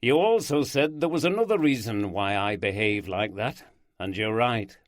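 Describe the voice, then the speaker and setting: A man's voice: lowish voice, animated, normal speed, no echo, natural voice. Blunt yorkshire detective, plain-spoken, dry close sound, a male narrator doing him. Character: middle-aged Yorkshire detective, blunt, theatrical.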